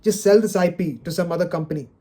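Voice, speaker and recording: A man's voice: high-pitched, quick pace, mellow. A man ranting unscripted on camera, exasperated and dejected, sighing and stammering over repeated words. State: dejected and frustrated. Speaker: video creator. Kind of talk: unscripted solo rant.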